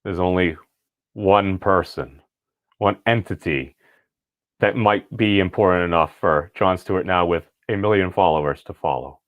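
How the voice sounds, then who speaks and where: A man's voice: low-pitched, moderate pace, no room sound. A middle-aged man hosting a casual online commentary video, talking in rambling, wry asides.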